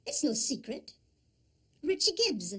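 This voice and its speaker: An actress playing a guarded neighbour who answers police questions bluntly and with a sardonic edge. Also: female voice, sits high, big pitch swings, slow, pushed and bright, exaggerated voice. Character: blunt wary female neighbour, adult, defensive. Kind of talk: TV crime drama acting.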